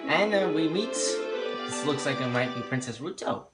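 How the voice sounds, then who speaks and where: A man's voice: medium pitch, lively intonation, moderate pace. A young man casually commenting on his own game walkthrough, chatty and sarcastic, often correcting himself. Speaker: walkthrough host. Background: game music.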